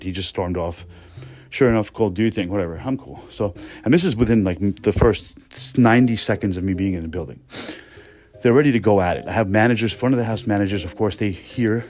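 A man in his thirties with a fairly low voice tells a long work story from home in a loud, animated and sarcastic way, swearing freely. Faint music plays quietly behind him. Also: fairly quick. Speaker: podcast host, restaurant manager. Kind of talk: casual storytelling monologue. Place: indoors at home.

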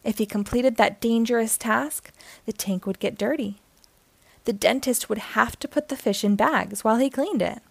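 A woman reading a children's picture book aloud in a gentle storytelling manner. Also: a little high, moderate pace, gravelly, no room sound.

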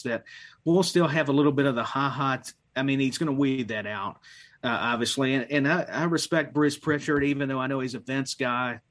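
A man with an average-pitched voice speaks in a rambling, agreeable way on a casual panel. He strings thoughts together loosely and restarts often. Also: fairly bright tone.

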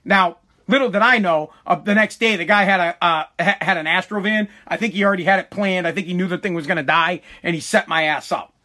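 High, bright-voiced man telling a profane story. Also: brisk, hardly any pauses. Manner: animated, swears freely, stumbles and repeats words.

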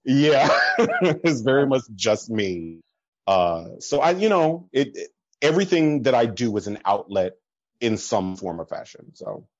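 A man talking as a podcast guest, telling stories in an animated way and acting out what people said. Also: mid-range voice, measured pace, no echo, dull audio. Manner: animated storytelling with laughs and quoted voices. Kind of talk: casual conversation.

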